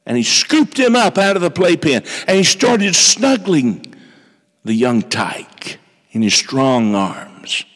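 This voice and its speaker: A man preaching a sermon, telling a story with dramatic shifts in pitch and pace. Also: big pitch swings, slow pace, a bit bright, husky, big-room sound.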